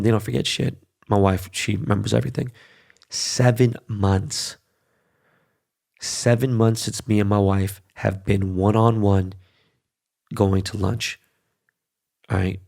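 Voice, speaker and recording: A man's voice: lowish voice, gravelly, a little mellow. A middle-aged man hosting a podcast, telling a casual story in a profane, emphatic, conversational way. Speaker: podcast host.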